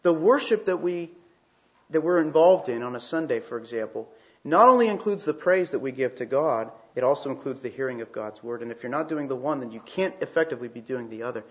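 Male preacher, mid-pitched, emphatic, rhetorical, slightly lo-fi recording. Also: animated, a little fast. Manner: emphatic, with rhetorical questions and repeated phrases. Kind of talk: sermon. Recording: slightly dull, lo-fi sound.

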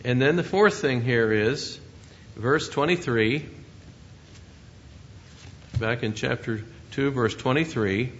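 A man's voice: mid-range voice, takes it slowly, pauses often, fairly bright tone, highs cut off, a little hiss or hum. A man preaching a sermon in an earnest, conversational way, often asking his listeners questions.

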